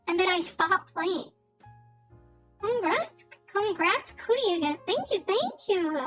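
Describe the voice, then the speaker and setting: A woman with a very high, light voice chats casually through a game stream, speaking slowly and unhurriedly. She rambles and repeats words as she thinks. Soft music plays faintly behind her.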